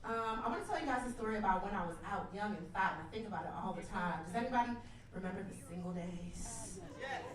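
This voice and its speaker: On a club stage, a young woman performs a crude, brash stand-up set, often laughing through her lines as she talks fast in a medium-pitched, animated voice. The echoey club is recorded from far off, with the crowd and audience laughter audible.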